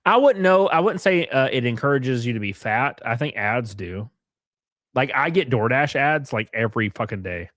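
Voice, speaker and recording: A man's voice: mid-range voice, animated, moderate pace, fairly bright tone, dry recording, clean studio sound. A young man hosting a casual live stream, reading viewer comments and joking crudely with frequent laughs. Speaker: livestream host.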